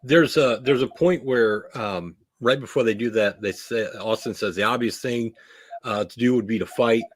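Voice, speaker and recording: A man co-hosting a podcast, telling wrestling stories in an animated way and laughing often. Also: mid-range voice, moderate pace, no room sound. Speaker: podcast co-host. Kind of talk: casual wrestling chat.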